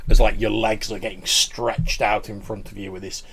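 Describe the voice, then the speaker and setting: A man's voice: fairly low pitch, level tone, normal speed, creaky, background noise. A man running a tabletop game as game master, explaining rules and describing scenes in a loose, rambling way.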